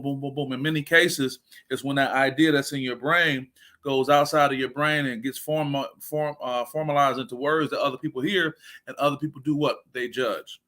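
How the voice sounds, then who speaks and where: A man in his forties, a sports coach giving an energetic, preacher-like motivational talk on a livestream and answering viewer comments as he goes. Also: fairly high pitch. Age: 40s.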